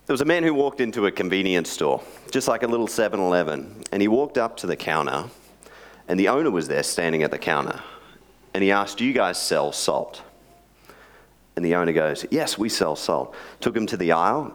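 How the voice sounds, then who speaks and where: A man's voice: low voice, lively intonation, a little fast. A man giving a sermon, telling a joke story in a chatty way with joking asides before praying and teaching. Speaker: preacher.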